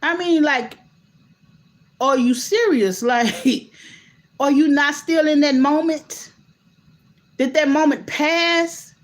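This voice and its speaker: A woman with a slightly high voice chats straight to her viewers. She is animated and incredulous, stumbles through restarts and keeps throwing in asides as she talks. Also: slow, long pauses. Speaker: host. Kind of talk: casual commentary vlog.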